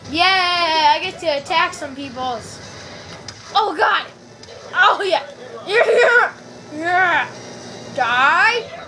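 A woman giving live commentary while playing a shooter game, excitable and often yelling and squealing at the action. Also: very high voice, extremely slow, pauses often, noisy background. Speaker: gameplay video maker. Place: at home playing a video game.

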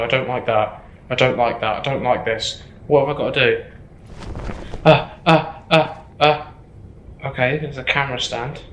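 A man's voice: medium pitch, a bit bright, roomy sound, a little hiss or hum, rough recording. A man commentating a horror game, jittery, swearing and repeating himself. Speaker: gameplay streamer.

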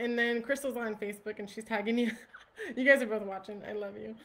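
A woman hosting a casual live stream on her phone, chatting with a steady stream of "like" and "um" and greeting viewers by name. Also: on the high side, fast talker.

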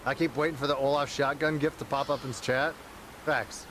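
A man's voice: medium pitch, fairly even intonation, moderate pace, fairly bright tone, a little hiss or hum. A man streaming a game, chatting casually with friends, rowdy, joking and swearing a lot. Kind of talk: casual live-stream chat.

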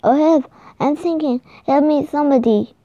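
A woman voicing a frightened but brave young girl in a children's storybook, reading haltingly with restarts. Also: high voice, mellow, no room sound, voice pushed up, close to an everyday voice. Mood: panicked. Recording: slightly dull lo-fi recording.

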